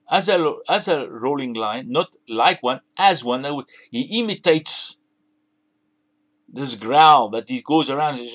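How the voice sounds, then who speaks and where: A man's voice: mid-range voice, animated, a little slow, a bit bright. A man preaching a sermon, emphatic, repeating and restarting phrases as he builds his points.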